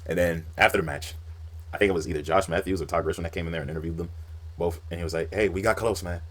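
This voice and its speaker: Deep-voiced fast-talking man recapping. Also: level tone. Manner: fast, rambling recap with acted-out quotes. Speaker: wrestling list narrator. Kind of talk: recounting wrestling storylines.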